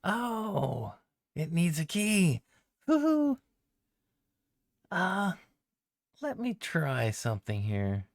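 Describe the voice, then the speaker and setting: A man putting on a high chirpy goblin lady. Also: huge pitch swings, very slow, vocal fry, pauses often, dry recording, studio quality, exaggerated voice. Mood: eager. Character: cheerful female goblin key collector.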